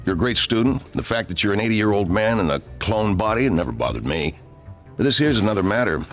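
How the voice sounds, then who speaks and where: An actor voicing a mild, regretful middle-aged school principal in a cartoon. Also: male voice, lowish voice, big pitch swings, brisk, soft background music.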